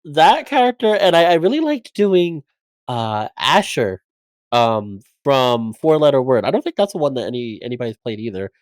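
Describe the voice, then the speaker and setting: Low, animated woman, casual podcast guest, dry close sound. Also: moderate pace, no echo. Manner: hesitant, filler-heavy. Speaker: voice actor guest.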